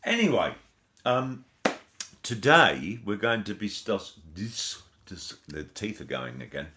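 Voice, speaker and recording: Very deep-voiced man, rambling. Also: very animated, unhurried, noisy background. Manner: rambling, hesitant, wry jokes. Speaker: podcast co-host. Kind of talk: casual chat.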